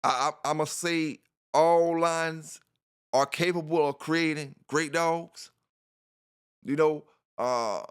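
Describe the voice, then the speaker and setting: A man's voice: on the high side, fairly even intonation, takes it slowly, long pauses, smooth. A man hosting a dog channel, talking casually in a rambling monologue, repeating himself and filling gaps with "you know".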